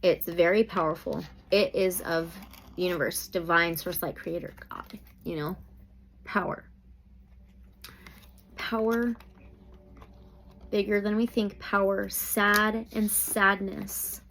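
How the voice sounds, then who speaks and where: A woman's voice: lowish voice, fairly even intonation, slow pace, long pauses, slight background noise. A woman doing a tarot reading, thinking aloud and often exclaiming. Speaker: tarot reader.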